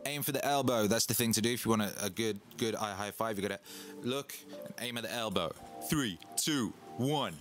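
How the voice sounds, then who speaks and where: A man hosting a casual livestream, hyped and boastful, repeating himself and giving shout-outs to viewers. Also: fairly low pitch, steady tone, quick pace. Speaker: livestream host and DJ. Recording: faint music in the background. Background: Christmas music playing.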